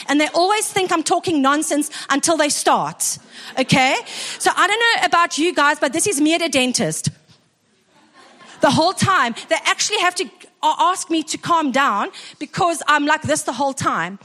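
High-voiced woman preaching a story sermon. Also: moderate pace. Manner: lively, self-mocking storyteller who checks in with the congregation.

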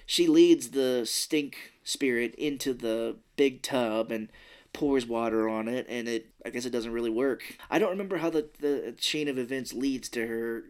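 A man's voice: medium pitch, moderate pace. Guy on a podcast going over a film scene by scene, chill and chatty, swears a bit. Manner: animated retelling with acted quotes and swearing. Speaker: podcast co-host. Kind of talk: casual movie recap chat.

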